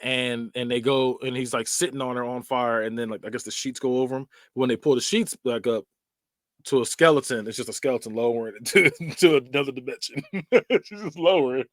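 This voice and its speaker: A man's voice: medium pitch, brisk, dry recording, clean studio sound. A man hosting a podcast, recapping film scenes in a loose, conversational way and acting out screams and quoted lines. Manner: animated, acts out scenes with yelps and quoted voices; loose and conversational with frequent fillers. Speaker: podcast host. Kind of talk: casual movie recap.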